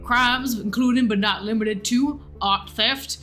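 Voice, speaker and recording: A woman's voice: a little high, unhurried, fairly bright tone, faint music behind. A young woman player reading a text aloud steadily, with small slips. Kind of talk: reading aloud in a tabletop game.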